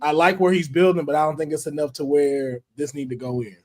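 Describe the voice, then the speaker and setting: A man's voice: fairly high pitch, flat delivery, a little fast. A man with a Southern US accent, co-hosting a casual chat and leading the picks. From Southern United States. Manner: laid-back, leads the picks. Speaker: podcast co-host.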